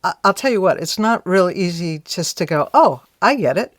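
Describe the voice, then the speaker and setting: This woman's voice runs on the low side with lively intonation at a normal speed, captured in studio quality with no echo. Being interviewed, she tells a story conversationally and reflectively, saying "you know" often and voicing her earlier thoughts aloud.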